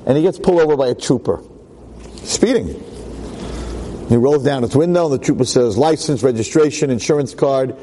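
A man's voice: mid-range voice, a little hiss or hum, poor audio. A middle-aged man, a rabbi telling stories in a Torah talk to a class of girls, acting out the voices. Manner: animated, acts out voices in stories.

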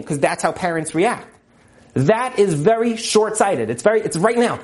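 Male religious teacher, high voice, emphatic delivery that hammers key points home. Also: expressive, moderate pace. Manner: emphatic, repeats key points, acts out quotes. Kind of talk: motivational religious talk.

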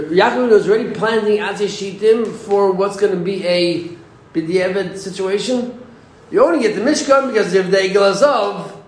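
Man giving a roomy informal Torah class. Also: high voice. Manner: conversational, asks rhetorical questions, restarts sentences. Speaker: Torah teacher. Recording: roomy echo with faint ambience.

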